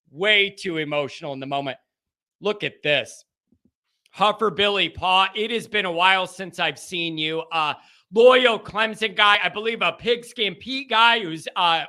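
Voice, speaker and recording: Bright, high-voiced talk show host. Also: male voice. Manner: animated, rambling, chuckling. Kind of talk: live call-in show chat.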